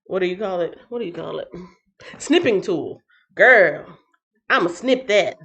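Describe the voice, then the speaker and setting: A woman hosting a casual livestream, who sounds tired after a night shift. She reads out chat comments in an animated, playful way and breaks into sing-song bits. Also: lowish voice, a little slow. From Texas. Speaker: livestream host.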